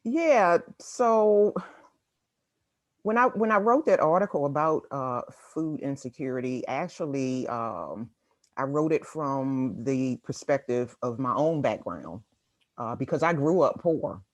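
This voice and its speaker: A middle-aged woman from Washington, D.C., a guest writer chatting in an interview, laughing often and pausing on fillers. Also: very deep voice, lively intonation, no echo. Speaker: guest writer and real estate agent. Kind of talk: casual interview conversation.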